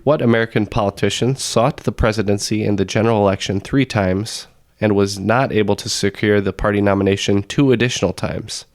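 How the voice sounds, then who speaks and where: A man with a raspy, hoarse voice from being sick, hosting a podcast trivia game and reading the questions. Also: lowish voice, steady tone, brisk, few pauses, no room sound, clean studio sound. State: hoarse from illness. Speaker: trivia quizmaster.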